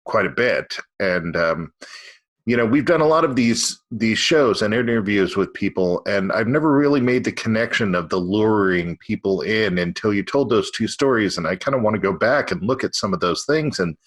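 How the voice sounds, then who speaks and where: Male host, lowish voice, easygoing, hesitant questioner. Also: animated, normal speed. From California. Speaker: podcast host. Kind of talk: casual interview chat.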